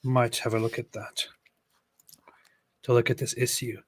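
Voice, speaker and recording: A man's voice: mid-range voice, level tone, a little slow, slightly rough. A man co-hosting a casual livestream, joking and reading viewer comments aloud. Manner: joking, reads comments aloud, laughs often.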